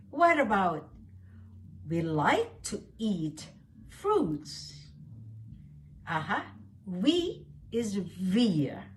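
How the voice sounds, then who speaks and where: A woman hosting a radio German lesson, saying each word slowly and carefully and then repeating it. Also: on the high side, wildly swooping pitch, a little hiss or hum. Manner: slow, carefully enunciated teaching with repeated phrases. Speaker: German language segment host. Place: radio studio.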